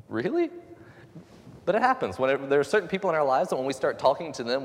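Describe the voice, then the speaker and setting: A man pastor giving a conversational sermon, relaxed and joking with lively asides. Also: medium pitch. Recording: long hall reverb.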